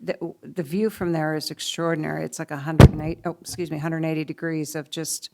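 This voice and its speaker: A woman's voice: sits low, steady tone, brisk, vocal fry, noisy background. A woman board member speaking in a chatty, enthusiastic way at a meeting.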